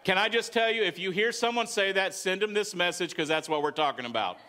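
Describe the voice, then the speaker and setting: A man's voice: high voice, a little fast, sharp tone. A male pastor with a Southern US accent, preaching a conversational sermon to his congregation with frequent calls of "amen.". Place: church sanctuary.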